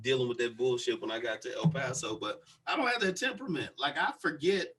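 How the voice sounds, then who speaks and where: A young man co-hosting a casual podcast, an animated storyteller who acts out the people he quotes. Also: mid-range voice, quick pace, slightly rough. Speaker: podcast co-host.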